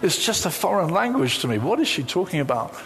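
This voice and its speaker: A man's voice: high voice, big pitch swings, fast talker, a bit bright, slight background noise. A man preaching a sermon, telling a personal story full of quoted dialogue. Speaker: pastor.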